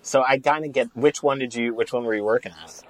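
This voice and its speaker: A man's voice: medium pitch, fast, crowd noise, rough recording. A man hosting a casual interview who jokes around and swears freely. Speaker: podcast host.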